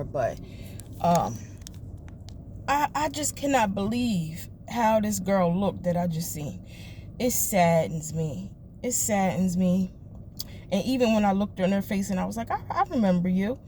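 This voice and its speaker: A woman's voice: mid-range voice, warm tone, a little hiss or hum. Emotional woman venting in her car. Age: adult mother of children. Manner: candid, emotional, swears freely. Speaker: vlogger. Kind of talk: emotional personal vlog. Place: parked car.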